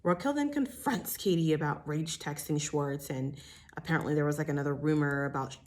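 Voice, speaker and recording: A woman's voice: low voice, brisk. A woman giving a chatty, blunt recap of a reality show, with lots of fillers and the odd swear word. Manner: animated retelling with many fillers. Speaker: TV recap host. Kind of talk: casual gossip recap.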